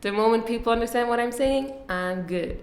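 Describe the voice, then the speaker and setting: A woman's voice: a little high, a little fast, reverberant. A young woman from Switzerland, a podcast guest chatting casually and laughing often at herself. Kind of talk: casual interview chat.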